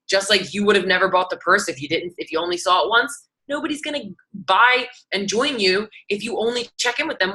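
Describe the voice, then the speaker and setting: A woman's voice: medium pitch, bright, forceful tone, poor audio. A young adult woman, a fitness coach, giving casual how-to advice to other coaches in a chatty, conversational way. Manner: chatty, conversational, restarts often and acts out sample messages. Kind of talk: casual instructional talk.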